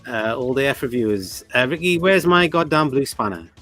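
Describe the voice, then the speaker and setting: A man's voice: medium pitch, lively intonation, a bit bright, soft background music. Chatty man hosting a livestream. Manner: chatty, greets viewers, quick bursts. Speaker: livestream co-host. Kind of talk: casual livestream chat reading viewer comments.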